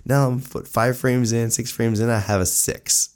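A man in his forties hosting a solo podcast, telling a story in an animated, self-mocking way. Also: medium pitch, moderate pace, clean tone. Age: 40s. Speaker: podcast host.

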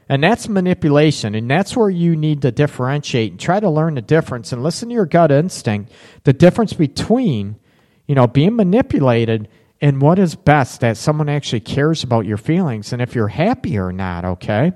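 A man's voice: fairly high pitch, big pitch swings, normal speed, darkish tone. A middle-aged man hosting a live relationship advice show, chatting casually and reading out viewer comments. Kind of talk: live call-in advice talk.

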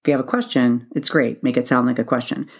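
A woman's voice: very deep voice, fairly even intonation, fast, a little mellow, slightly rough. A woman hosting a solo leadership advice podcast, speaking in an instructive, methodical way and repeating points for emphasis. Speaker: podcast host, leadership coach.

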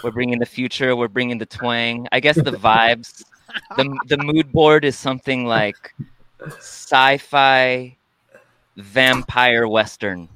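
A man's voice: medium pitch, slow pace, sharp tone, clear, resonant tone, no echo. A man, a musician guest, chatting casually and playfully with lots of ums and restarts. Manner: laid-back, hesitant with many ums, playful. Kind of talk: casual podcast conversation.

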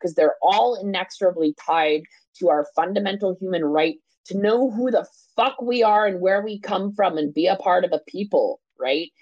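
A low-pitched woman co-hosting a podcast, talking with fiery conviction and frequent swearing, tagging her points with "right?". Her voice sounds close and dry, with no room around it. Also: moderate pace, hardly any pauses, a little mellow, dry recording, dull audio. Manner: passionate, swears freely, says "right?" often. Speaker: podcast co-host. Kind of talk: casual discussion.

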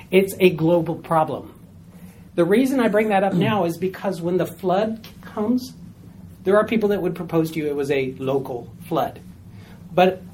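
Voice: mid-range voice, a little mellow, a little hiss or hum. A Bible study teacher explaining a passage step by step to a small group, repeating key points and often asking "all right?" to check in.

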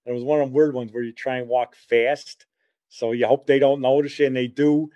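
A man's voice: medium pitch, fairly even intonation, fairly quick, dark tone. An older man telling a rambling, folksy personal story, acting out the dialogue as he goes.

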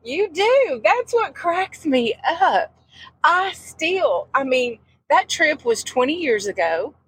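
A woman's voice: sits high, very animated, slow pace, a bit bright, no echo, rough recording. A woman co-hosting a podcast, chatting casually and teasing her friend. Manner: teasing, giggly. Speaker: podcast co-host. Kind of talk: casual chat.

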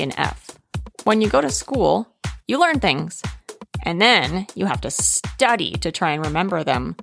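Gravelly-voiced mom telling a bedtime story. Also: female voice, fairly low pitch. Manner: gentle, explaining patiently. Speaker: storyteller and mother. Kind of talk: children's story narration.

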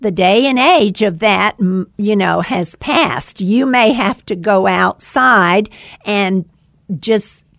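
A woman's voice: mid-range voice, slow, gravelly, a bit bright, no room sound, studio quality. A woman guest on a podcast giving folksy, emphatic advice about making connections. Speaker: guest, women's ministry leader. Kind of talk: podcast interview.

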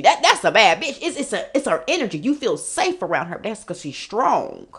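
Woman podcast host, middle-aged, aave, hypes you up loud and blunt, voice sits kinda high. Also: normal speed. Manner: animated, profane, repetitive pep talk. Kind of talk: motivational talk.

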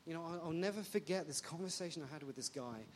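A woman from England, preaching a sermon in an animated, jokey way full of rhetorical questions. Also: low voice, quick pace, slight background noise.

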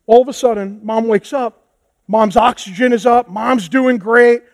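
A man preaching a passionate sermon as pastor, moving from hushed tones to shouts. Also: very high-pitched, measured pace, dry recording. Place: church hall with a congregation.

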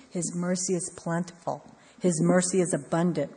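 An earnest woman delivering a devotional sermon, measured and repetitive for emphasis. Her voice sits fairly low, and a long reverb trails each phrase as if in a large hall. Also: steady tone, dark tone, husky. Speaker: preacher.

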